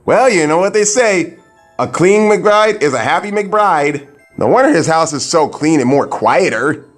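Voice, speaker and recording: A man's voice: on the high side, lively intonation, measured pace, soft background music. A man giving a crude, sarcastic review of a cartoon episode, swearing freely. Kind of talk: profane comedic review commentary.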